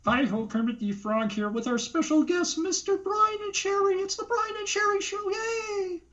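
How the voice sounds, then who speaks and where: A squeaky, nasal frog puppet host, far higher than any normal speaking voice, as a man puts it on. The sound is dull and lo-fi. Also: moderate pace, fairly bright tone. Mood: cheery. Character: high chirpy male frog puppet host.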